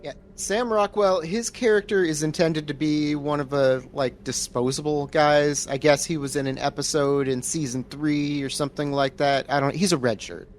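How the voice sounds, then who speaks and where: A man's voice: fairly high pitch, fairly even intonation, moderate pace, few pauses, a little hiss or hum. A man co-hosting a podcast, playfully riffing with made-up lines from the film. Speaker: podcast co-host. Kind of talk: casual movie chat.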